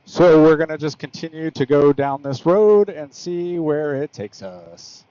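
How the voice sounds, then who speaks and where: A man's voice: a little high, measured pace, dark tone, no room sound, dull audio. A man chatting casually while riding a motorcycle, rambling and correcting himself with plenty of fillers. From United States. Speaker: motorcycle vlogger. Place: on a motorcycle on open roads.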